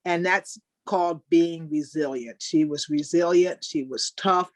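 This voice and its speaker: An older woman, a Special Olympics athlete, telling animated stories in a webinar interview over a video call. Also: deep voice, unhurried, dry recording. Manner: animated storyteller, acts out quoted people. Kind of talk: storytelling in an interview.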